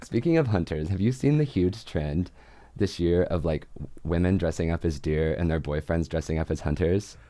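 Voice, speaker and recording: A man's voice: sits low, moderate pace, warm tone, a little hiss or hum. A young man hosting a college radio show, chatting casually with playful sarcasm and frequent giggles. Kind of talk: casual joking chat.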